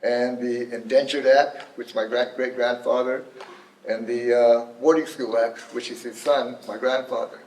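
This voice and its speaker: A tribal elder in his seventies from Northern California giving a plain-spoken, unhurried personal testimony with many pauses and fillers. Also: medium pitch, fairly even intonation, darkish tone, reverberant, poor audio. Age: 70s.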